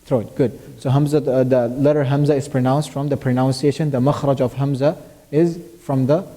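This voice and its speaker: A man teaching a tajweed lesson. He explains step by step, recites short Arabic verses, and quizzes his student along the way. His voice is warm and mellow and carries a long hall reverb. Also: mid-range voice, fairly even intonation, moderate pace. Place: mosque classroom.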